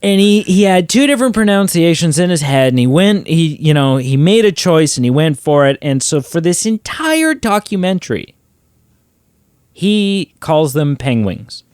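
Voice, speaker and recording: A man hosting a movie podcast, ranting in an exasperated, animated way in casual chat. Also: on the high side, moderate pace, hardly any pauses, clear, resonant tone, no room sound, clean studio sound. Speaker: podcast host.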